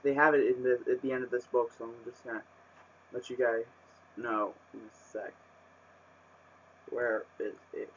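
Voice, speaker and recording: A man with a steady mid-range voice reviews a book in a casual vlog at a moderate pace, pausing often, with slight background noise. He rambles through fillers and restarts and bursts into exasperated rants, his webcam mic producing muffled sound.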